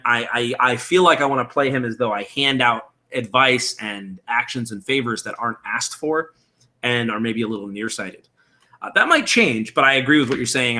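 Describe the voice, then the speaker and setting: While building a game character on a live stream, a man speaks in a mid-range voice that is pushed and bright. His explanation of character creation is casual and rambling, full of thinking aloud and replies to chat. He's in a room at home with window blinds.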